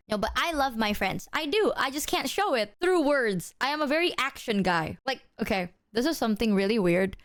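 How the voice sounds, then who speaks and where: A woman's voice: fairly high pitch, expressive, a little fast, few pauses. A young adult woman streaming casually, rambling with lots of fillers, swearing and talking to her chat. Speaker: VTuber streamer.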